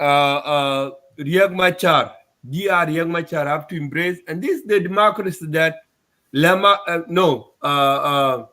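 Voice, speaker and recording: A man's voice: on the high side, sharp tone. A man from Sudan, giving an upset, emphatic address to his community and repeating his points. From South Sudan. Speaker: community speaker.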